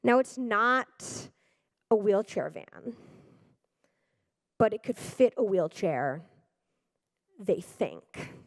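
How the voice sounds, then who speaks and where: A woman doing a stand-up comedy set on stage, animated and swearing, often breaking into loud acted-out voices. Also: medium pitch, very slow, long pauses, no room sound, clean studio sound. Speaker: stand-up comic. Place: stage before a live audience.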